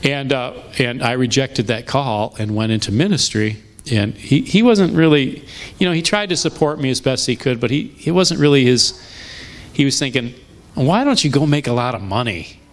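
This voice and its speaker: A middle-aged male pastor delivers a sermon built on personal stories, speaking in a conversational, animated way that often backs up and restarts mid-sentence. His voice sits at an ordinary middle pitch for a man. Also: normal speed. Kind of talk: storytelling sermon. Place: church sanctuary.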